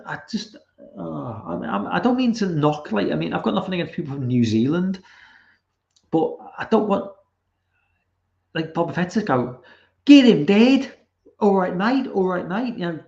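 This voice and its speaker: A man's voice: on the high side, gravelly, darkish tone. A young man hosting a livestream, reading chat and ranting casually with lots of swearing and restarts. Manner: rambling, swearing, many restarts. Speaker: livestream host. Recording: roomy, dull lo-fi sound.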